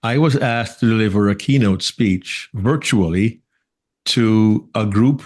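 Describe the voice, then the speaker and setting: A man with a Jamaican accent co-hosting a podcast interview, telling a lively story and laughing easily. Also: on the low side, a little slow. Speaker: podcast co-host. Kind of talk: casual interview chat.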